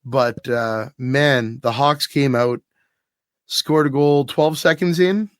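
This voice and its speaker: A man hosting a podcast, retelling a weekend story in an easy, animated way and breaking into laughter along the way. His voice sits in a middle register. The sound is dry, with no room echo. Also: medium pitch, takes it slowly, clear, resonant tone. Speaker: podcast host. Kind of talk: casual chat.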